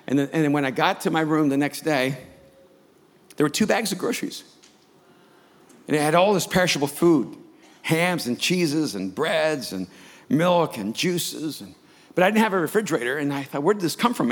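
A man telling a personal story as a sermon, building from quiet recollection to loud preaching. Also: a little high, expressive, normal speed. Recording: reverberant hall.

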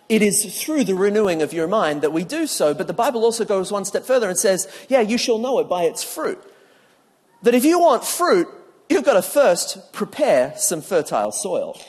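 A man preaching a sermon that mixes scripture and neuroscience, telling stories with humor and acting out what people say. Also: sits high. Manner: animated storyteller who acts out quotes with humor. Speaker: preacher and speaker. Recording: long hall reverb.

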